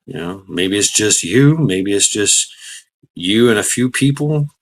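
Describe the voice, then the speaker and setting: Low-voiced, rambling middle-aged livestream host. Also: male voice, a little slow. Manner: rambling, many fillers, greets chat by name, bursts of excitement. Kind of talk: casual livestream chat.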